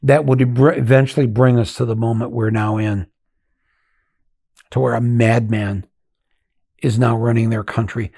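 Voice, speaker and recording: Impassioned older man, gravelly and husky. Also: mid-range voice, level tone, no room sound, studio quality. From United States. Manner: impassioned, swinging from loud outbursts to hushed, halting reflection. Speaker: podcast host. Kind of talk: emotional monologue.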